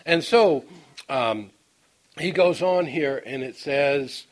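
High-voiced man preaching a folksy sermon. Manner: folksy, storytelling asides; halting, repeats words while finding them. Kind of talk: bible teaching sermon.

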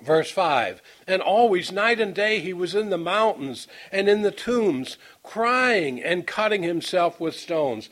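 High-voiced man preaching a folksy sermon. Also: animated, fairly bright tone. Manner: folksy, storytelling asides; halting, repeats words while finding them. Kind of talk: bible teaching sermon.

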